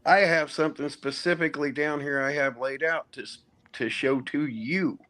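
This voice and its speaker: A man's voice: fairly high pitch, fairly even intonation, normal speed, pushed and bright. A man with a Midwestern accent chatting eagerly on a video call about dialects and keepsakes. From Midwest, Indianapolis. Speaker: stream guest. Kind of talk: casual chat.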